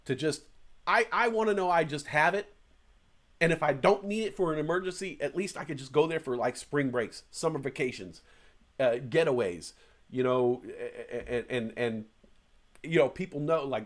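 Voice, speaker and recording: A man's voice: fairly high pitch, moderate pace. A man co-hosting a live stream in casual chat, rambling and swearing, often restarting his sentences. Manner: rambling, profane, frequent restarts.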